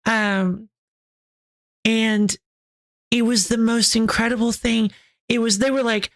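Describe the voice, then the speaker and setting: A woman's voice: fairly high pitch, a little slow. Bubbly woman streamer telling a story. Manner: animated storytelling, many restarts and giggles; reads chat aloud. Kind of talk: casual chat.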